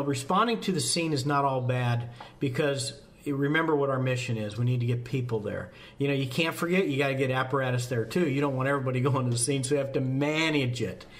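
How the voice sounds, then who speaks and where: A man in the fire service talking through volunteer staffing on a podcast in a folksy, rambling way, with jokes at his own expense. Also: medium pitch. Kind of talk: casual podcast talk.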